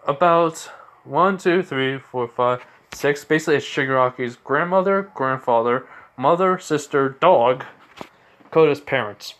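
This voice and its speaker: A man's voice: mid-range voice, measured pace, a bit bright. A man improvising a fan-fiction story aloud, rambling with many fillers and self-corrections.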